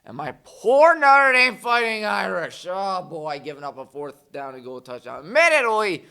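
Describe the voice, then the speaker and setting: A man's voice: sits high, pushed and bright, clean tone. A man hosting a community TV sports talk show, rattling off scores with sarcastic, exasperated asides. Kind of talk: scores recap monologue. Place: community TV studio.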